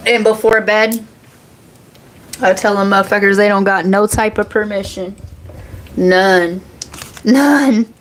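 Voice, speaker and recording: A woman talks unhurriedly with her viewers, loose and conversational. She laughs often and swears without a second thought. A faint hiss sits under her mid-pitched voice. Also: little pitch movement, measured pace, long pauses, a bit bright. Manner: chatty, laughs often, curses freely. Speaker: psychic reader on a livestream. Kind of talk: casual live chat reading comments.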